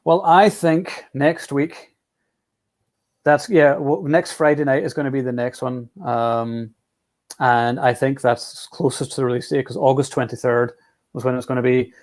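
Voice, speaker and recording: Male host, casual film talk, mid pitch, loose and chatty. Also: unhurried. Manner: relaxed, rambling with restarts. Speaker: podcast host.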